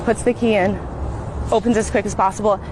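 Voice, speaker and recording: A woman's voice: mid-range voice, steady tone, fairly quick, noisy background. Woman telling a dramatic story outdoors. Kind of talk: storytime monologue.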